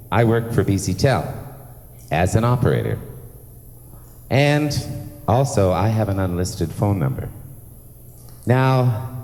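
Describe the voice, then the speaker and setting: A man with a fairly low, darkish voice emcees a live benefit concert on a large theatre stage, chatty and gushing, teasing himself and dropping playful swearing. The recording has long theatre reverb and faint background noise.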